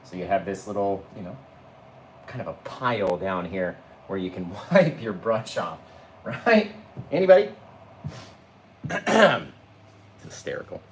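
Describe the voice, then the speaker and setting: A man leads a live painting tutorial, chatting to his viewers and walking them through each stroke. His pitch swings widely from phrase to phrase. The sound is roomy and echoey, with a faint background hum. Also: expressive, moderate pace. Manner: chatty, addresses viewers as "guys"; talks through each brushstroke step by step. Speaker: painting instructor.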